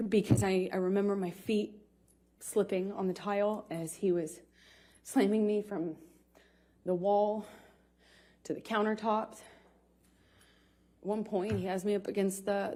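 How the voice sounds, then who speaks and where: A woman in her thirties testifying in a courtroom, speaking haltingly with frequent pauses and broken-off restarts. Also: medium pitch, warm tone. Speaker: trial witness.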